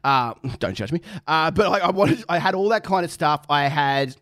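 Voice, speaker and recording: A man's voice: fairly high pitch, normal speed, no room sound, studio quality. A young Australian man, a podcast co-host, telling a story with lots of swearing and laughter. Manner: animated, swears freely, laughs through his stories. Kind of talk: casual storytelling chat.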